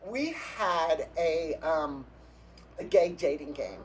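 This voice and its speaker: A man's voice: on the high side, lively intonation, slow, background noise. Campy, gossipy man telling stories. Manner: campy and catty, with gasps and laughs. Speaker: guest drag performer. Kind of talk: casual storytelling, gossipy.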